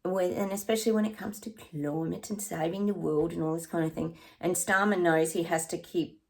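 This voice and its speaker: A woman's voice: fairly low pitch, steady tone, brisk, gravelly, a little mellow. A woman psychic chatting through her predictions in a rambling, casual way, sometimes dropping to a near-whisper.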